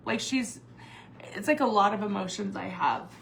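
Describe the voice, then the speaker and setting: A woman's voice: mid-range voice, normal speed, creaky, fairly bright tone, a little hiss or hum. A woman in her forties chatting on a livestream in a rambling way, with many fillers and restarts, teary at times. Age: 40s. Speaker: vlogger and mom. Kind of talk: casual livestream chat.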